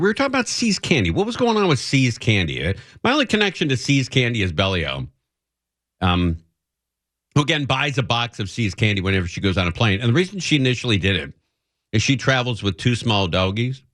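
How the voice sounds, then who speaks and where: Low, lively male radio host. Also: dry recording, studio quality. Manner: rambling, self-mocking anecdotes. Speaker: radio talk show host. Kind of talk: casual radio storytelling. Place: radio studio. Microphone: studio microphone.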